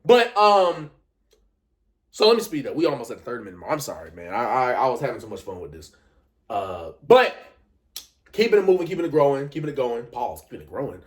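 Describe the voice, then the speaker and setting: A man giving a casual, animated reaction recap of a wrestling event, full of fillers and excited asides. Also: mid-range voice, a little fast.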